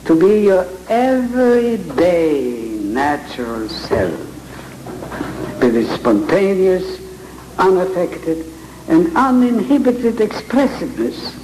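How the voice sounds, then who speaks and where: A man with a head cold teaching Bible reading to a live audience, speaking with slow, theatrical emphasis. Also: high voice, animated, warm tone, a little hiss or hum. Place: large hall with audience. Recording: echoey hall with audience ambience.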